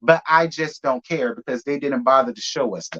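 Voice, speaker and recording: Muffled, lo-fi audio captures a man with a slightly bright mid-range voice speaking at normal speed. He hosts a live reality TV review as a recap host, sassy and emphatic, repeating lines to make them land.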